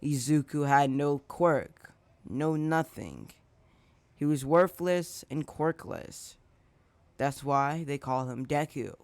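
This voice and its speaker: Slow rambling storytelling man. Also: on the high side, darkish tone, no room sound. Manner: rambling with slips and self-corrections. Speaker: storyteller and channel host. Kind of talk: casual fan-fiction narration.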